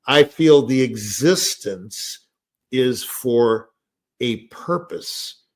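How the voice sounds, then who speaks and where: A man's voice: medium pitch, animated, drawn-out words. An older man in casual discussion, telling rambling stories with many fillers and restarts. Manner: rambling, anecdotal, many fillers like "you know". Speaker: podcast host.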